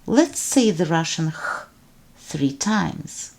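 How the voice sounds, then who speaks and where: Woman teacher going through letter sounds real slow, lowish voice, careful. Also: big pitch swings, noisy background. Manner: deliberate, enunciates sounds for repetition. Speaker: language teacher. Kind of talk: slow instructional narration.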